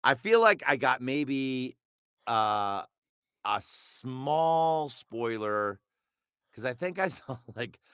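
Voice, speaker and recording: A man's voice: medium pitch, animated, drawn-out words, bright, forceful tone, clear, resonant tone, no echo, studio quality. A middle-aged man, a voice actor, chatting as a guest in an interview with lots of fillers and restarts. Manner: rambling and hesitant, with many fillers and restarts. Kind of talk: casual interview chat.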